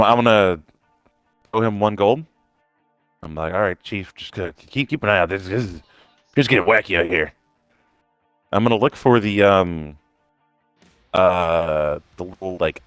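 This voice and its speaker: With a deep, smooth voice on a dry recording, a player chats casually during a tabletop role-play over a voice call. He's lively and foul-mouthed, full of joking in-character lines.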